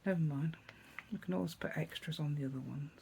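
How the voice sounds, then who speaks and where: A woman's voice: low voice, quick pace, gravelly, a little mellow, a little hiss or hum, low-quality recording. A middle-aged woman with an East Midlands English accent, chatting casually through a craft tutorial at her table, rambling and asking tag questions.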